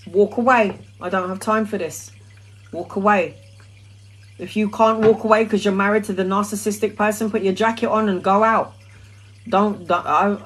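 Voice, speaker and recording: A talkative woman hosting a casual spiritual live stream, her voice sitting at an ordinary middle pitch. She chats loosely with plenty of ums and uhs, then drops into soft, repeated mantra chanting that fades lower. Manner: talkative, with frequent um and uh. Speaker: spiritual live-stream host answering questions.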